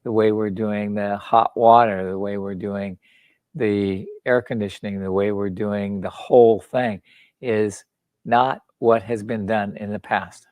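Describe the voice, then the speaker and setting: A man's voice: fairly low pitch, fairly even intonation, unhurried, darkish tone, no echo. An older man, an author and founder, talking bluntly in a casual interview, swearing freely and telling jokes. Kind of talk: casual conversation.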